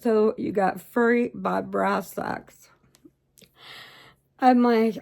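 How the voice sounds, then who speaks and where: Slow-talking gravelly woman chatting casually. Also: mid-range voice, fairly even intonation, darkish tone. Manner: chatty, rambling, laughs often. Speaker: crochet channel host. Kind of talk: casual chat showing happy mail.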